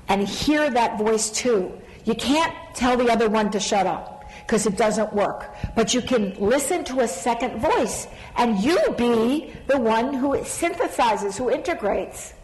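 A middle-aged woman speaking on a stage panel about leadership, telling stories animatedly and laughing often. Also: on the high side. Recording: long reverb of a large hall.

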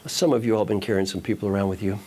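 A man's voice: lowish voice, steady tone, rapid-fire, mellow, a little hiss or hum. Man giving a coaxing motivational talk. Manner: repetitive, coaxing, addresses audience directly. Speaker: motivational speaker.

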